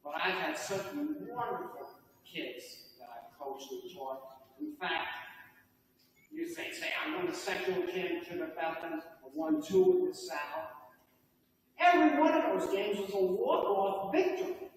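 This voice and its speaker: An older man with a high voice delivers a heartfelt, folksy acceptance speech at a hall of fame ceremony, unhurried yet animated. He's picked up by a distant mic in an echoey banquet hall, with slight background noise.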